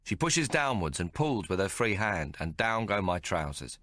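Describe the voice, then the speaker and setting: A man narrating an audiobook in the first person, measured and descriptive. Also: low voice, sing-song, a bit bright, no echo, studio quality.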